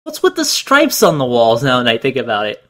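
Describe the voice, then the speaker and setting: Lively, jokey man riffing on a show. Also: medium pitch, brisk. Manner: animated, jokey, swears casually. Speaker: commentary co-host. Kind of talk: casual watch-along commentary.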